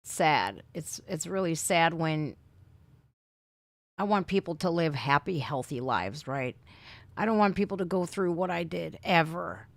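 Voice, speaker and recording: With a lowish voice and no echo, a middle-aged woman from Northeast Ohio runs a casual livestream, chatting through viewer comments. She's chatty, curses freely, and peppers her talk with "man" and "dude."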